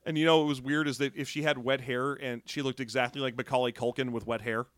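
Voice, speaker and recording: A man's voice: medium pitch, fairly even intonation, fast talker, fairly bright tone, dry recording, studio quality. A man co-hosting a casual movie recap chat, wry and sarcastic, often laughing. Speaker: podcast co-host.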